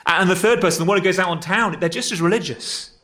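A pastor with a high voice and a fairly bright tone delivers a sermon quickly and conversationally. His preaching is self-deprecating and full of repetitions.

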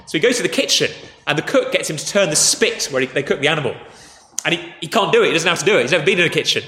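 Male preacher, conversational storytelling sermon, slightly high voice, roomy church echo. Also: expressive, racing, sharp tone. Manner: storytelling, speaks directly to the congregation and the children. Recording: echoey church hall with long reverb.

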